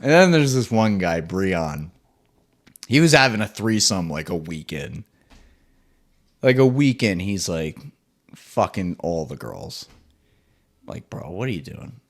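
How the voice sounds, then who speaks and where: A man hosting his own podcast, ranting solo in an excitable, profane, rambling way. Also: deep voice, takes it slowly, long pauses. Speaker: podcast host.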